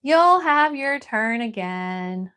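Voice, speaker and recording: A woman from Florida with a high voice hosts a relaxed livestream. She reads viewer comments aloud in an unhurried way and chats back between painting steps. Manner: reads viewer messages aloud and answers them while painting. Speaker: livestream host. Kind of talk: casual livestream chat.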